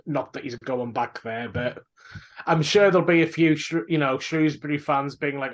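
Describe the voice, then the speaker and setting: A man's voice: medium pitch, moderate pace. Hesitant man reading news aloud. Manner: hesitant, lots of ums, reading news as he goes. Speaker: podcast co-host giving league roundup. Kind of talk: casual podcast chat.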